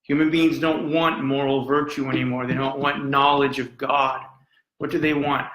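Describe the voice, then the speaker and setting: A man's voice: fairly high pitch, pushed and bright. A man giving an impassioned live lecture, dramatic and emphatic, repeating phrases for effect. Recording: roomy echo.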